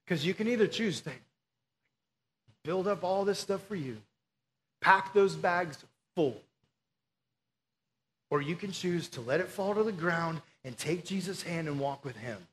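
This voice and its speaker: Us pastor guy preaching, high voice, earnest and pleading, talks casual to the crowd. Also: expressive, measured pace, long pauses, a bit bright. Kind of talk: sermon.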